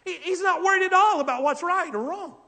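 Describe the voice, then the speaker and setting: A male pastor preaching a verse-by-verse sermon in a church, asking lively rhetorical questions and acting out scenes. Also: very high voice, brisk. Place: church sanctuary. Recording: long church hall reverb.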